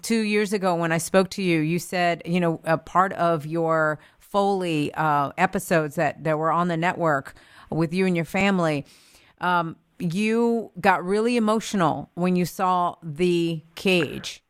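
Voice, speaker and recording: A woman's voice: fairly low pitch, unhurried, smooth, no room sound. A woman hosting an interview, asking upbeat, encouraging questions. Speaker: host.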